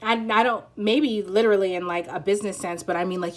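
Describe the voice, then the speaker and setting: A woman's voice: mid-range voice, fairly even intonation, brisk, few pauses. Giggly, rambling woman tarot reader. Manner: rambling, giggly, searches for words with many "like"s. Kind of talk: casual pick-a-card tarot reading.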